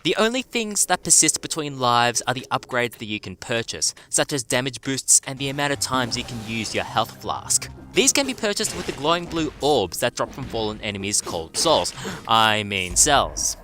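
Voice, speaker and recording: A man's voice: mid-range voice, sing-song, normal speed, hardly any pauses. A man narrating a scripted game review with a dry, sardonic delivery. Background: music.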